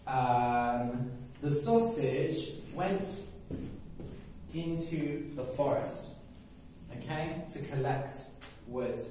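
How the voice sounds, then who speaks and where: A male teacher tells an easy story at a very slow pace, with a slightly raised voice. He keeps repeating key words and checking in with his listeners. His voice echoes heavily, heard from away from the mic, over a faint background hum. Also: medium pitch, a little mellow. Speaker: English teacher. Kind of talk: slow story-telling lesson. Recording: echoey room, mic at a distance.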